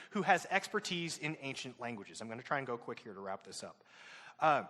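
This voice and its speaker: A man's voice: a little high, bright, forceful tone, long reverb tail. A male teacher retelling a novel's plot to his students, with fillers and questions to the class.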